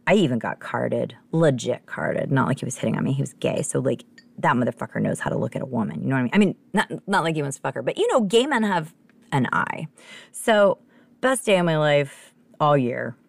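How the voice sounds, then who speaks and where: A woman hosting a podcast, telling a story in a casual, profane, animated way and laughing often. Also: very deep voice, brisk, creaky, no room sound. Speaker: podcast host.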